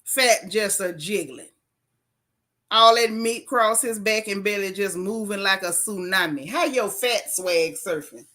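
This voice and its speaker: Sassy animated woman. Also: medium pitch, a little slow. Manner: animated, sassy, reads chat aloud with jokes and put-on voices. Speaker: host reading live chat. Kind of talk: casual chat.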